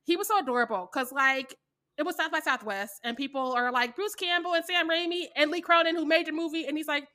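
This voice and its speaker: A woman's voice: sits high, quick pace, sharp tone. A woman co-hosting a casual chat podcast, talking animatedly, laughing often and acting out quotes. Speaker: podcast co-host.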